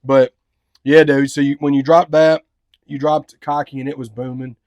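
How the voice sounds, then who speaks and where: A man's voice: mid-range voice, level tone, moderate pace, a little mellow, no echo. Hyped slangy male podcast host. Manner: hyped, slangy, says bro and dude a lot. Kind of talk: casual interview chat.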